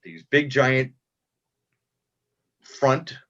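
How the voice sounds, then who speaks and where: A man's voice: medium pitch, expressive, extremely slow, a bit bright, highs cut off. A man chatting casually as a cartoonist guest in an interview, self-deprecating and restarting his sentences often.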